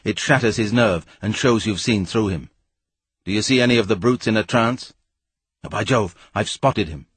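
A man narrating a novel in a wry, measured reading voice. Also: on the low side, breathy edge, no echo. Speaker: audiobook narrator. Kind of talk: storybook narration.

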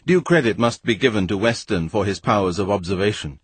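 A man narrating a novel in a wry, measured reading voice. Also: fairly low pitch, expressive, slightly rough, no echo. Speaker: audiobook narrator. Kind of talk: storybook narration.

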